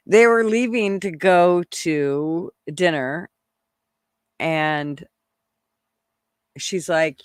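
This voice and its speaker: A woman hosting a casual livestream, chatting excitedly and laughing often as she reads viewers' comments. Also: on the low side, no room sound, studio quality. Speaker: channel host reading live chat.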